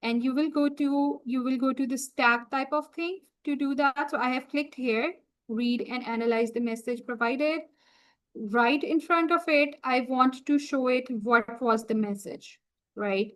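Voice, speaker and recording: A woman walking viewers through a software setup on a screen-share tutorial, talking through each click as she goes. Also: high voice, rough recording. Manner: slow, explanatory, talks through each click. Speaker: software trainer.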